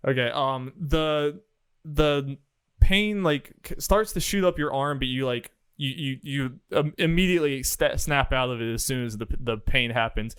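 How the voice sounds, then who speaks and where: A man's voice: mid-range voice, moderate pace, a bit bright, clean tone, no room sound. A man narrating as dungeon master, describing scenes with lots of fillers and restarts. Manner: rambling, filler-heavy description. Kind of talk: narrating a tabletop game.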